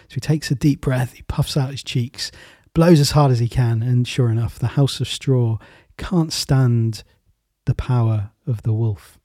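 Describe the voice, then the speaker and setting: Relaxed man telling a story. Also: medium pitch, measured pace, dry recording, clean studio sound. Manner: relaxed, rambling with fillers and restarts. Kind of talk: casual storytelling in a talk.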